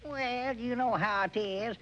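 An actor playing a chatty storekeeper in a 1930s radio comedy, drawling, sly and teasing. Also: male voice, takes it slowly, a bit bright, full character voice. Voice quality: high, drawling, folksy. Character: chatty rural storekeeper Abner, sly joker. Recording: muffled old radio recording with faint hiss.

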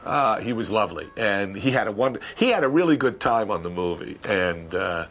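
A man in a candid interview, telling behind-the-scenes stories with animated retellings and laughter. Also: fairly low pitch, brisk. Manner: lively storyteller, acts out voices, laughs. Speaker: filmmaker recalling a production.

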